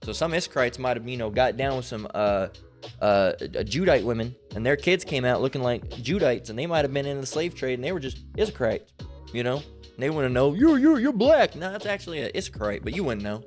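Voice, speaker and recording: A man's voice: medium pitch, animated, brisk. Man, scripture commentary, profane, emphatic, rambling restarts, faint music behind. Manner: profane, emphatic, full of restarts and "all right?". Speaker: religious commentator.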